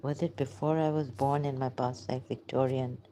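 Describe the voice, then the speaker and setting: A woman talking to herself in a halting, searching monologue, pausing and restarting often and turning emotional at times. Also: rumbling low, flat delivery, mellow, slight background noise, poor audio. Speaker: vlogger. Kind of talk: hesitant reflective monologue.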